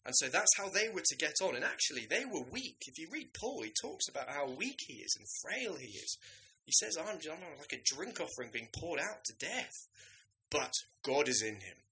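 A man preaching a sermon in a lively, conversational way, now and then acting out the voices of biblical figures. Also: a little high, normal speed, rough recording.

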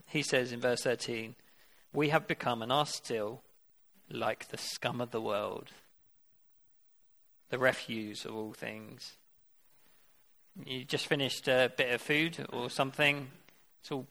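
In an interactive sermon, a man reads scripture aloud and then puts questions directly to his listeners. His voice is mid-range with a fairly bright tone.

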